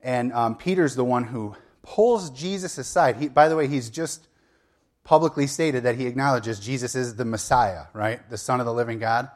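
A man's voice: mid-range voice, moderate pace. A man preaching a sermon as a pastor, retelling a story in a conversational way with asides and light humor.

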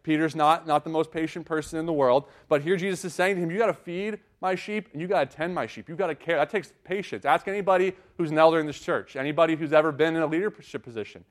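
Earnest young male preacher, slightly high. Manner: earnest, conversational, frequent "right?" asides. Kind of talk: sermon.

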